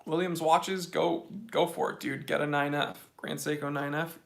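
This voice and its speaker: A young man hosts a casual live Q&A straight into his phone, fielding chat questions one after another. His voice sits a touch high with a gravelly edge and a bright, forward tone. He is blunt and opinionated, tossing in casual slang as he goes. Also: flat delivery, normal speed. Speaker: watch channel host.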